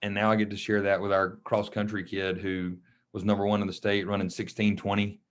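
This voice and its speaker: A man tells a personal story on a podcast, speaking in a fairly low voice. He is casual and emotional, and he acts out the dialogue of the people he quotes. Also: little pitch movement, a little fast, a little hiss or hum. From Mississippi. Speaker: coach and podcast guest.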